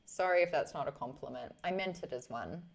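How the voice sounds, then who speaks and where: A woman's voice: low voice, expressive, a little fast, gravelly. A woman with an Australian accent, hosting a casual livestream, chatting cheekily and reading out viewer comments. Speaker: livestream host.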